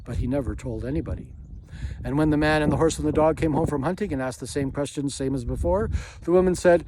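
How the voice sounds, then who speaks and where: A man's voice: mid-range voice, lively intonation, quick pace. A man narrating a classic children's story in a rhythmic, lilting storytelling manner. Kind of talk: storybook reading. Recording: hissy home recording.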